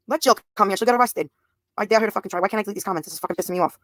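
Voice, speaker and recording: A woman's voice: medium pitch, rapid-fire, a bit bright, dry recording. Blunt, profane woman streamer, dry sound. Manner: blunt and profane, addressing viewers' comments directly. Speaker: livestreamer. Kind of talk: live stream talk to chat.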